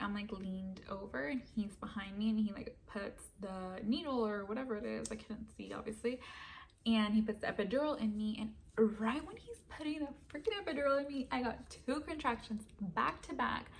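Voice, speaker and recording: A young woman with a fairly high voice tells a personal story casually and with a lot of life. She often slips into a whisper when she quotes herself. A faint hiss sits behind her voice. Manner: animated, drops to whispers when quoting herself. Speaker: vlogger.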